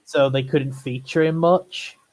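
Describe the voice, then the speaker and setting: A man co-hosting a podcast, chatting casually in a relaxed, agreeable way, often filling pauses with "like". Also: mid-range voice. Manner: relaxed, agreeable, lots of fillers like "like". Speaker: podcast co-host. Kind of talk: casual chat.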